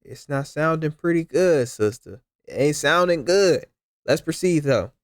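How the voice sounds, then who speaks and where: A man giving casual reaction commentary, halting and repeating words as he talks back to a storyteller he calls sister. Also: fairly high pitch, expressive, no echo, studio quality.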